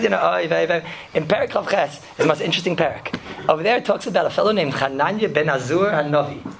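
A rabbi teaches students in a relaxed, chatty lesson, telling lively stories and laughing as he goes. His voice sits high for a man, with a gravelly fry. Hebrew and Yiddish terms run through his talk. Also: noisy background. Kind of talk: casual Torah lesson with stories.

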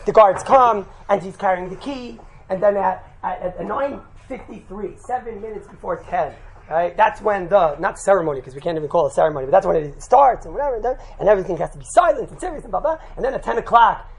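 A man teaching a religious class, telling a lively anecdote with laughs and quick "right?" asides, mixing in Yiddish and Hebrew terms. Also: high voice, vocal fry, poor audio. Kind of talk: animated storytelling talk to a group.

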